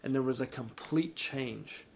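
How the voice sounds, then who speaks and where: A man, podcast co-host and ministry founder, telling a faith testimony with lively rises in energy and frequent word repeats. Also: unhurried, gravelly, slight background noise. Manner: animated, rises in pitch and energy when excited; repeats words and restarts sentences. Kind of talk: storytelling testimony in an interview.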